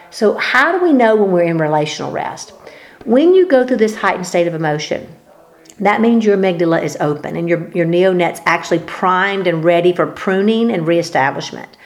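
A woman giving a fervent, preaching-style talk in conversation, emphatic and repeating her words as she builds to peaks. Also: medium pitch. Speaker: speaker sharing faith teaching.

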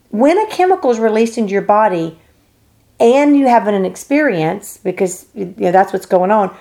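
A woman in the middle of her pitch range talks through a lesson with earnest emphasis. She stresses her key words, and now and then she slips into the voices of the people she quotes. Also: creaky, a little mellow. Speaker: teacher. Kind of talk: explanatory teaching talk.

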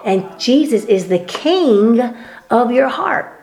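A woman's voice: fairly high pitch, big pitch swings, slow pace, darkish tone. A woman giving a fervent, preaching-style talk in conversation, emphatic and repeating her words as she builds to peaks. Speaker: speaker sharing faith teaching.

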